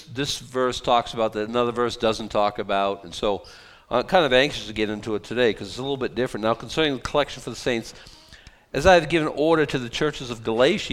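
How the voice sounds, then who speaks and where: Joking pastor, smooth voice. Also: male voice, medium pitch. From South Boston. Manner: conversational, joking asides, frequent restarts. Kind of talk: verse-by-verse sermon.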